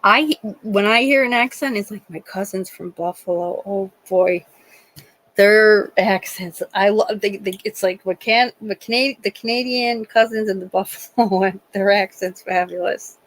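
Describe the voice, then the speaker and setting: A woman's voice: mid-range voice, unhurried, poor audio. A middle-aged woman with a northeastern Pennsylvania accent, chatting on a live stream in an emotional, rambling way, full of restarts. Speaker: livestream host. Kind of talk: casual live-stream chat.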